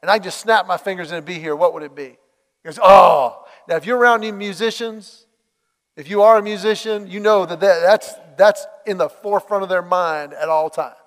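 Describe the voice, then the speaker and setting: A man preaching a sermon, telling a story with lively acted-out dialogue. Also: high-pitched, brisk, in a large hall. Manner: animated storytelling, acts out quoted dialogue.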